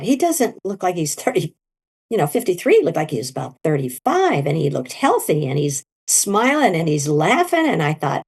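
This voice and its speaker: Lively storytelling woman, low voice. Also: moderate pace, breathy edge. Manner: animated, jumps into high quoted voices. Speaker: guest, near-death experiencer. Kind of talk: storytelling interview.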